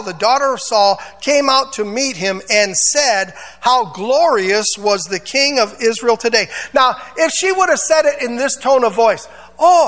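In a large hall, a man preaches a sermon in an extremely high, fairly bright voice. He is dramatic, acting out the voices of Bible figures and drawing call-and-response amens from the congregation.

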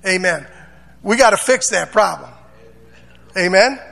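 A man's voice: high-pitched, expressive, a little slow, gravelly, a bit bright, in a large hall. A man pastor preaching a sermon, dramatic, acting out voices and drawing amens. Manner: preaching with call-and-response amens; dramatic, acts out voices of Bible figures.

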